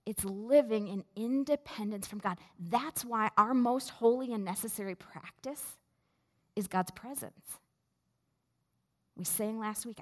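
A woman pastor preaching a sermon in a slow, measured way with deliberate pauses. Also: on the high side, fairly bright tone. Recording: long reverb of a large hall.

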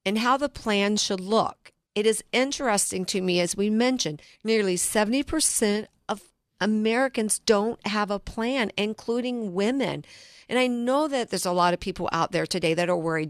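A woman's voice: medium pitch, moderate pace, dry recording, clean studio sound. A middle-aged woman, a financial planner hosting a radio talk show, telling stories earnestly and restarting her sentences.

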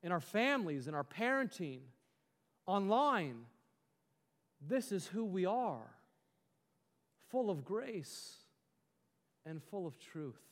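High-voiced pastor preaching in a hall. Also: male voice, big pitch swings, takes it slowly, pauses often. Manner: earnest, exhorting, with rhetorical questions. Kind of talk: sermon.

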